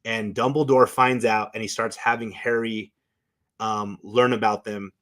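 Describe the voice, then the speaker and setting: A man on a talk show as a guest, telling stories with excitement and emotion, often restarting his sentences. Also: on the low side, a little slow. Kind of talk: casual chat.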